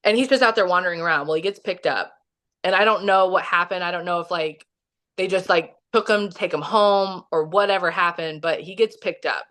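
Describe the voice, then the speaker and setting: On a podcast, a Kansas City, Missouri woman with a low, slightly bright voice tells a story at a brisk clip. Her Midwestern delivery is casual and rambling, heavy on "like" and false starts.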